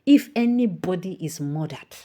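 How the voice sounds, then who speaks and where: A woman's voice: on the low side, animated, normal speed, mellow. A woman with a Nigerian accent who reads the news and then breaks into indignant commentary, mixing in Pidgin phrases and exclamations. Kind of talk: news reading mixed with heated commentary.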